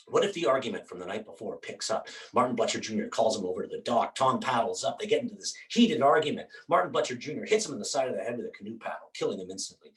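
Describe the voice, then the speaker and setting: A man performing a one-man theatre show. He tells the story in an animated way with dramatic asides, and paints on stage while he talks. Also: medium pitch. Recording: roomy stage sound from a distance.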